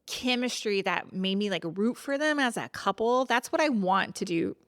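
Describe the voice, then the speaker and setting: A woman's voice: medium pitch, expressive, moderate pace, a bit bright, no echo, clean studio sound. A woman co-hosting a podcast, frankly giving her movie opinions in casual chat, with lots of filler words. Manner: chatty, frank, many "like" fillers. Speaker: podcast co-host.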